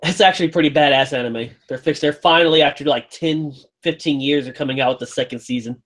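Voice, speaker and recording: A man's voice: a little high, quick pace, a bit bright, rough recording. A man in a casual chat, enthusiastic and playful, slipping into jokey put-on voices.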